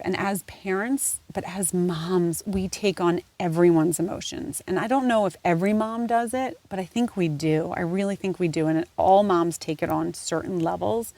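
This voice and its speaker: A woman's voice: fairly low pitch, steady tone, moderate pace, dark tone, dry recording. A woman in her forties hosting her own podcast, talking candidly and earnestly, rambling with fillers and swearing freely. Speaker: podcast host.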